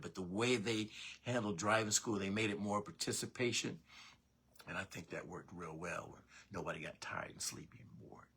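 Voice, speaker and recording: A man hosting a casual morning sports show from his basement, rambling and correcting himself with animated asides. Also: sits low, breathy edge. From Northeast Tennessee. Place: home basement.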